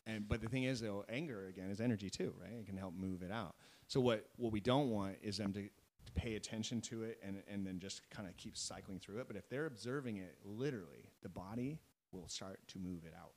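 A man's voice: fairly low pitch, a little fast, a little mellow, rough recording. A man speaking as a coaching guest in a podcast conversation, earnest and explanatory, often checking in with his listeners. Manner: earnest, keeps checking in with "right?" and "you know?". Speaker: guest, mental coach for athletes.

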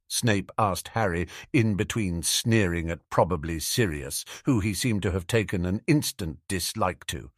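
A man narrating a fan-fiction audiobook in a wry, lively storytelling manner. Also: low-pitched, a little slow, few pauses, dry recording. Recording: dry close recording with faint music.

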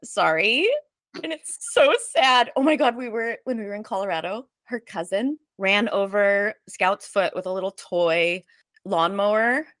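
A young adult woman chatting casually on a podcast, supportive and quick to laugh. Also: mid-range voice, animated, fairly bright tone, dry recording, clean studio sound. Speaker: podcast co-host. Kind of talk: casual chat.

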